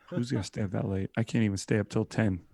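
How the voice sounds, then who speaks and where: A man, co-hosting a podcast in casual, animated chat and swearing freely. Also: fairly low pitch, brisk, creaky, dry recording, studio quality. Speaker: podcast co-host.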